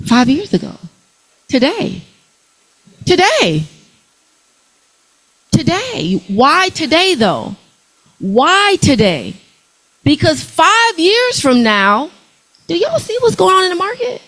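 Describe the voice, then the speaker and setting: A young adult woman, giving an animated motivational money talk to a live audience, calling out questions to the crowd. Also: very high voice, slow pace, low-quality recording. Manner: animated, preachy, calls out to the crowd. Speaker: workshop speaker.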